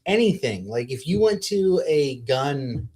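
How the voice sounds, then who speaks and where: A man's voice: medium pitch, unhurried. Profane, blunt podcast co-host man. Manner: blunt, profane, animated when ranting. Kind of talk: casual chat.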